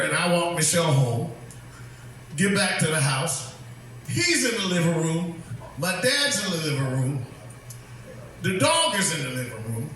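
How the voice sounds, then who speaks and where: A man's voice: high voice, pushed and bright, a little hiss or hum. A man doing stand-up at a bar comedy night, telling a rambling story and acting out the quotes. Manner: rambling, repeats words, acts out quotes. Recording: echoey bar room, mic at a distance.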